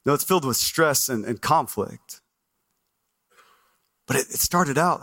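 A man pastor preaching a sermon to a congregation, animated and asking the crowd questions, recorded on a stage microphone in a church. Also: medium pitch, measured pace. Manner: animated, asks the congregation questions, acts out listeners' voices.

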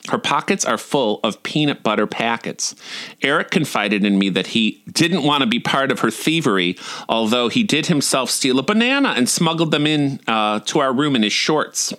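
A man's voice: medium pitch, pushed and bright. A man in his forties reading his personal essays aloud in a wry, dryly comic way. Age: 40s. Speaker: storyteller.

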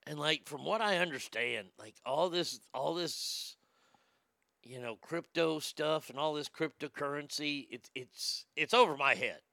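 A man's voice: fairly high pitch, a little slow, creaky, sharp tone, no echo. A man hosting a casual show, reading news headlines aloud with mock drama and swearing through joking reactions. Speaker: podcast host.

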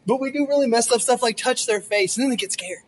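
A man co-hosting a casual podcast, jumping in with quick jokes and comments. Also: very high voice. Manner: quick joking interjections. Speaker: podcast co-host.

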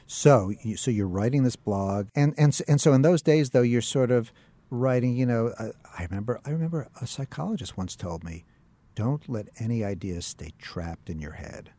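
A man's voice: mid-range voice, lively intonation, normal speed, warm tone, dry recording. A man hosting an interview, asking long rambling questions with many restarts. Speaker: interview host. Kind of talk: interview conversation.

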